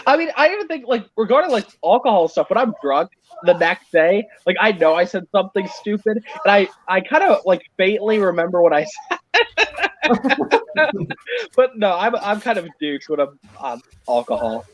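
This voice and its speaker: High lively young man, dull dry sound. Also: moderate pace, dry recording. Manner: rambling, self-deprecating, lots of fillers. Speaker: stream guest. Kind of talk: casual chat.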